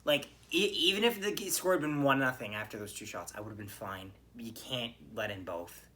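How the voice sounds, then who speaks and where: Male podcast host, bright and edgy tone, animated fan reaction with frequent cursing. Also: mid-range voice, a little fast. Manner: animated, swearing, ranting. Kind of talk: solo hockey game reaction.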